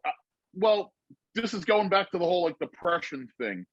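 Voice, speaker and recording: A man with a husky, fairly high voice tells a story in loose, rambling casual chat. The sound is dry and a little dull. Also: expressive, normal speed, dry recording. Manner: loose, rambling with many fillers and restarts.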